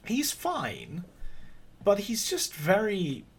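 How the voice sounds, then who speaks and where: A man's voice: high voice, huge pitch swings, extremely slow, husky. A man co-hosting a casual film review podcast, chatty with frequent restarts and laughs. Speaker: podcast co-host.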